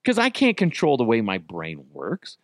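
A man hosting a comedy podcast, rambling through stories and swearing freely. His pitch jumps all over the place as he talks. He is recorded close and dry, with no room sound. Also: wildly swooping pitch, normal speed, dry recording. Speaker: podcast host. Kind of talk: casual comedic monologue.

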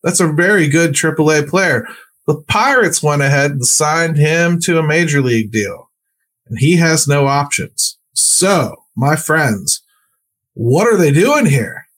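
A man's voice: fairly high pitch, lively intonation, measured pace, a bit bright. A man hosting a sports podcast in casual, joking conversation, laughing often as he talks. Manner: chatty and joking, laughs easily. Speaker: podcast host.

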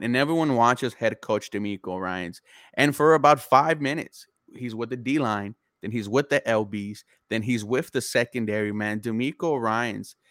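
A man's voice: medium pitch, fairly bright tone, dry recording. Young man, from Houston, enthusiastic, casual sports talk, dry close sound. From Houston, Texas. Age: young adult. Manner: enthusiastic, conversational. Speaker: sports podcast co-host.

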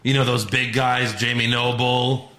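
A man's voice: mid-range voice, little pitch movement, a little slow, pushed and bright, echoey room, soft background music. A man recapping wrestling shows with jokey asides in a casual podcast chat. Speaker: podcast host.

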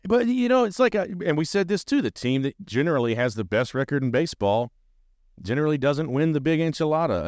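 A man's voice: mid-range voice, a little mellow, smooth, no echo, studio quality. A man hosting a sports podcast, talking casually and animatedly as a fan, rambling and swearing freely. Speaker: podcast host.

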